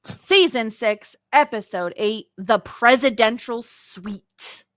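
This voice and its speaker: A woman's voice: fairly high pitch, slow pace, fairly bright tone, no room sound. A woman co-hosting a podcast in a casual chat, playful and emphatic, teasing her co-host.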